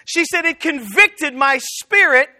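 High, bright-voiced man preaching. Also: unhurried. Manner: animated, acts out both sides of a dialogue. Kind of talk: storytelling sermon.

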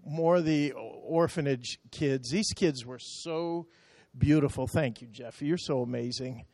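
Guy at church walking thru mission trip slides, slow, dry sound, gets choked up. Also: mid-range voice, darkish tone, no echo. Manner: chatty, emotional, directs slide operator.

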